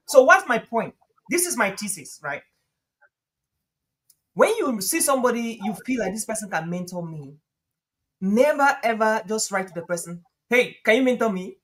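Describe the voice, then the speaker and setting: A man's voice: very high-pitched, moderate pace, poor audio. Guy coaching on a livestream, laughs a lot, repeats himself to drive points home. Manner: lively, laughs often, repeats phrases for emphasis. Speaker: guest speaker coach. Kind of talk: conversational advice on a live stream.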